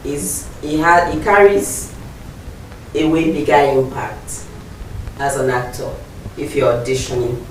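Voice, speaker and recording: A man's voice: fairly high pitch, fairly even intonation, measured pace, long pauses, slight background noise. Emphatic Nigerian man coaching, roomy and distant. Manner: emphatic, mixes in pidgin, acts out scenes. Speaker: audition judge. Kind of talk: animated coaching talk.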